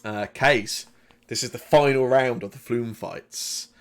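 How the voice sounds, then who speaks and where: A man's voice: mid-range voice, unhurried, fairly bright tone. A man running a live tabletop game as game master, narrating in a loose, conversational way with plenty of ums and likes.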